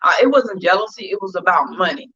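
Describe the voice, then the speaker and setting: A woman's voice: lowish voice, expressive, fast, pushed and bright, slightly rough. A woman telling a story in casual chat on a livestream, blunt and profane. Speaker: guest. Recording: dull lo-fi livestream audio.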